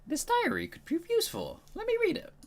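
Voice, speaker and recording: A man's voice: very high-pitched, wildly swooping pitch, a little fast, creaky, slight background noise, full character voice. A man voicing a small robot assistant in a detective game, speaking in a clipped, matter-of-fact way. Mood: analytical. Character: small helpful robot assistant, calm and precise.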